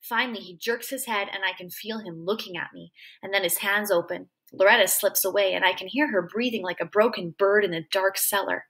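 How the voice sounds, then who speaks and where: A woman reading a novel aloud, narrating in an expressive, dramatic way. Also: medium pitch, a little fast, hardly any pauses. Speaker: audiobook reader.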